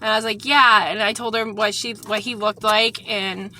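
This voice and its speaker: Bright-voiced woman telling a story. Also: mid-range voice, little pitch movement, normal speed. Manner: rambling, shaken, earnest warning. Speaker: vlogger. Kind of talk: casual storytime vlog.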